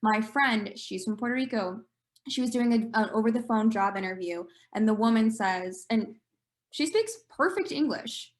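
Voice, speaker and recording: Candid woman panelist, slightly high voice. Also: animated, normal speed. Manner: candid, laughing between points, quoting others. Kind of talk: panel discussion.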